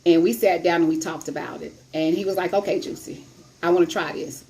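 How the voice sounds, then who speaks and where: A woman's voice: on the low side, brisk. Blunt straight-talking woman storyteller. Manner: blunt, straight-talking, lively retelling with quoted voices. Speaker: host giving sex and relationship advice. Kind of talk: casual storytelling to camera.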